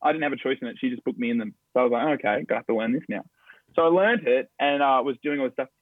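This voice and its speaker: A man's voice: medium pitch, very fast, dry recording. Young Australian male actor, upbeat storyteller, dry phone-line sound. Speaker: guest, stage actor. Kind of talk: casual interview chat.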